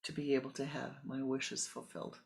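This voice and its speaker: A spiritual teacher giving a sermon, telling a parable calmly and guiding a meditation. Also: mid-range voice, vocal fry. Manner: calm, measured storytelling with pauses.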